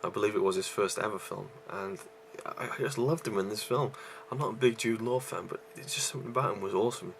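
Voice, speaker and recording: Casual male vlogger reviewing a film: low, gravelly, short of breath, rambling delivery. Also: animated, fast talker, few pauses, fairly bright tone, a little hiss or hum. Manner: rambling, with many fillers and restarts. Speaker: YouTube movie reviewer.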